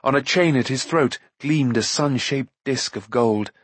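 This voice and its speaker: A man narrating a fantasy novel aloud with an even storytelling delivery. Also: mid-range voice, measured pace, breathy edge, dry recording. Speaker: audiobook narrator. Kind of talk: scripted narration.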